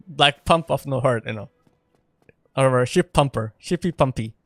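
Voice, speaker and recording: A man's voice: mid-range voice, unhurried, fairly bright tone, no echo. A man streaming a video game in casual chat, playful and laughing often as he talks with his viewers. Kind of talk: casual live gameplay chat.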